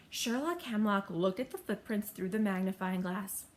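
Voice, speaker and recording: Lady reading a kids' storybook out loud, gentle and steady, middle pitch. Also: normal speed, hardly any pauses. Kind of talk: reading a children's storybook aloud.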